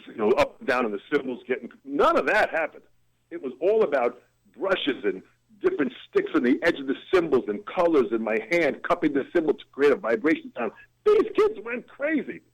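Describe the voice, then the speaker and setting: Animated, swooping male storyteller. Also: medium pitch, poor audio. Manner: ebullient, dramatic vocal swings. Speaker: guest drummer and motivational speaker.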